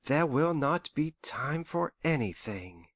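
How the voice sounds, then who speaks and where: An actor playing a gentle, anxious elderly father who frets and complains softly in an audiobook. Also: a little high, very animated, slow, no echo, studio quality, exaggerated voice. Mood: fretful. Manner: worried, lingering, softly complaining. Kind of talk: audiobook character voice.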